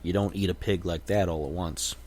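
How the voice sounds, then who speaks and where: A man voicing a proud, folksy older farmer who brags slowly about his animal. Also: sits low, steady tone, darkish tone, a little hiss or hum, close to an everyday voice. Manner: boastful, drawn-out storytelling.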